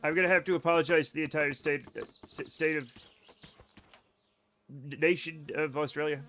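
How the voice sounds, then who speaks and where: A man streaming a game live, chatting casually to his viewers in a rambling, self-mocking way with sudden excited outbursts. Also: fairly high pitch, normal speed, a little hiss or hum. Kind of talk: casual gameplay commentary to chat.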